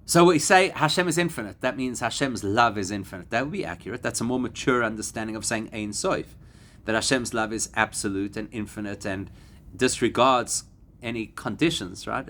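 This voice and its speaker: A man, a rabbi, giving a Torah class to a live audience, animated and climbing to emphatic peaks. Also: on the low side, a little fast, slight background noise. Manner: animated, rising to emphatic peaks and acting out quoted voices.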